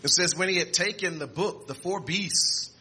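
A man preaching a sermon in a high, very bright voice. He reads scripture aloud, stumbling and repeating words, then rises to shouted exclamations. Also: normal speed, slight background noise.

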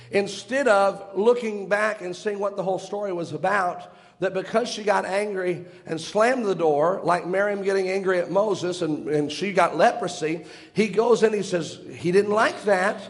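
A man's voice: high-pitched, normal speed. A man preaching a sermon, retelling a story with long quotes and stopping to explain each detail earnestly.

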